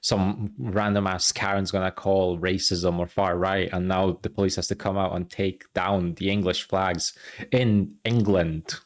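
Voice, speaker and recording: A man with a somewhat low voice reacts to video clips on a live stream. He swears freely and mocks what he sees in incredulous disbelief. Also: flat delivery, a little slow. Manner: profane, incredulous, mocking.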